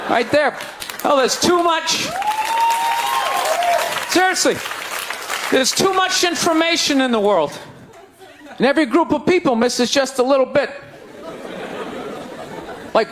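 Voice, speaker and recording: High-pitched guy doing stand-up, ranty and punchy, crowd laughing, noisy live room. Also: fairly bright tone. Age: 30s. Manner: ranting, incredulous, punchy delivery. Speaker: stand-up comedian. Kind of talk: stand-up comedy set. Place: comedy stage before a live audience. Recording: live club set with crowd laughter and noise. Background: audience laughing.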